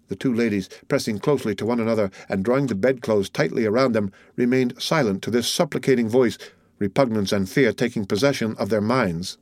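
A man reading a classic novel aloud in a steady, measured way. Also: mid-range voice, no echo, studio quality. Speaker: audiobook narrator. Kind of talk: scripted narration.

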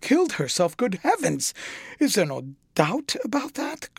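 A man voicing an anguished older male painter who pleads with a young friend, in a husky, slightly high voice. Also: animated, moderate pace, dry recording, studio quality. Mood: stricken. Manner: pleading, horrified.

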